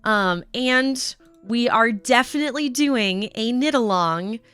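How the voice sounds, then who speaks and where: A woman chatting with her viewers during a knitting live stream, excitable and easygoing. Her voice is bright and smooth, a bit higher than most, and she takes her time. The mic is close and dry. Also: slow pace, dry recording, soft background music. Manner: chatty, excitable, says "um" and "y'all" often.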